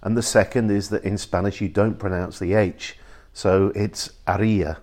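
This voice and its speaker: A man's voice: on the low side, fairly even intonation, normal speed, darkish tone. A man hosting an island information site, recording a casual voice message that explains pronunciation, chatty and explanatory with frequent ums and restarts.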